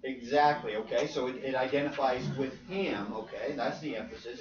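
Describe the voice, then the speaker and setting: Crowd noise surrounds this man as he teaches a Bible class in a church meeting room, posing questions and restating points for emphasis. He speaks at normal speed in a mid-range voice, captured with a distant, roomy, muffled sound.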